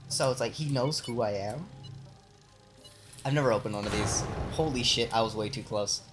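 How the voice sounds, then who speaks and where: A woman's voice: extremely low pitch, moderate pace, over music. A young woman streamer chatting casually while gaming, telling a rambling work story full of swearing and laughter.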